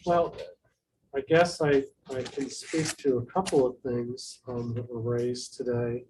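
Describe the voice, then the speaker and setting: A man, a school official at a board meeting, answering questions in a measured, hesitant way with many pauses and ums. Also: mid-range voice, little pitch movement, far from the mic, noisy background. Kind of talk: meeting remarks.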